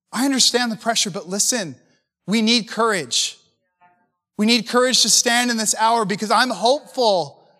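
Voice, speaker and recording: Impassioned high-voiced man preaching in a hall. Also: pushed and bright. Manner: impassioned, conversational with rhetorical questions. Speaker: pastor. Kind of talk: preaching to church leaders.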